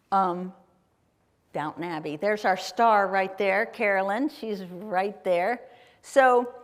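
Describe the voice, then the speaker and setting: A woman from Ohio gives a slow, chatty slide talk about her travels, her voice sitting a little high. She keeps it enthusiastic and keeps asking the audience questions. Her words ring with the long reverb of a large auditorium. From Ohio, USA. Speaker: guest speaker. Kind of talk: live travel presentation with slides. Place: performing arts center auditorium. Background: live audience in a hall.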